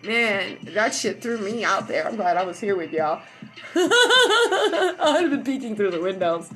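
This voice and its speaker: A woman chatting casually on a livestream from her home while high on cannabis, telling stories loudly and with lots of animation. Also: measured pace, faint music behind. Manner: loud and animated storytelling. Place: at home indoors.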